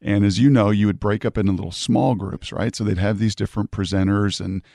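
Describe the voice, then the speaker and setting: A middle-aged man hosts an interview, carrying his stories with animated emphasis. His voice sits a little low with a gravelly, creaky edge. It is recorded close and dry, with no room sound. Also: brisk, no echo. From Puyallup, Washington, USA. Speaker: host. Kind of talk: conversational storytelling interview.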